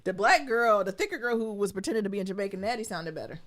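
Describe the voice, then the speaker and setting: A woman co-hosting a podcast, chatting casually in an animated, candid way and swearing freely. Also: mid-range voice, fast. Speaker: podcast co-host. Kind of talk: casual chat.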